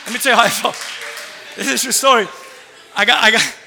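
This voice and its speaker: A male pastor preaching a sermon and telling a personal story in an animated way that builds to loud exclamations. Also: very high-pitched, a little fast, gravelly, in a large hall, crowd noise, background noise.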